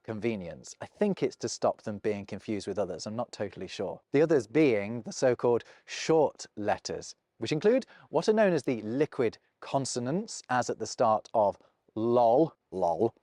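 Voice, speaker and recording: A man's voice: mid-range voice, expressive, moderate pace, hardly any pauses, mellow, dry recording, studio quality. A man with a British received pronunciation accent giving a scripted, precise explainer narration. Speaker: language video presenter.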